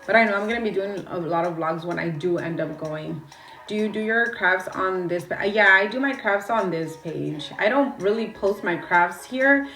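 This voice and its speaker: A woman's voice: medium pitch, moderate pace, fairly bright tone, roomy sound, recorded from a distance. Rambling blunt woman on a phone livestream. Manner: rambling and blunt, swears, greets chat. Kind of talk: casual livestream chat.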